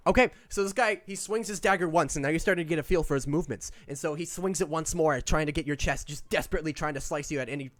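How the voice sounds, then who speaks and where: A man narrating a tabletop role-playing game as game master, lively and loose, with casual swearing. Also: on the high side, fast talker, hardly any pauses, dry recording.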